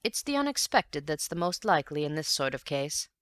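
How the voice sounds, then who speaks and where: A woman voicing a brisk, confident police inspector who speaks heartily and a little loudly. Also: low-pitched, very animated, no echo.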